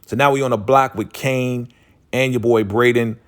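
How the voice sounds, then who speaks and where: A man giving a casual recap of a TV episode, animated and slangy, full of "you know" and "like". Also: mid-range voice, moderate pace, smooth. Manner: animated, slangy storytelling, acts out quoted lines; frequent "you know" and "like" fillers.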